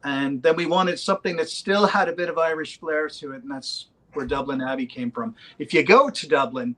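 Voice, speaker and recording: A man in a band, talking casually in an interview, rambling with many pauses and fillers. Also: on the high side, sharp tone, low-quality recording. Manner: rambling, hesitant with many ums. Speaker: band member.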